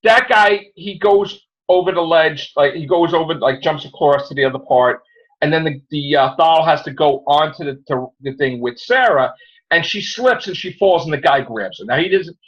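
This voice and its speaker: A man hosting a casual review podcast, rambling through an animated retelling of a plot. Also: on the high side, normal speed, lo-fi sound. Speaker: podcast host.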